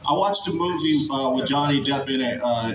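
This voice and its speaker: A man's voice: medium pitch, lively intonation, measured pace. A man from Virginia doing a casual, profane stand-up set and chuckling at his own jokes. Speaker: stand-up comedian. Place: comedy club stage. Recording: echoey club, distant mic, audience noise.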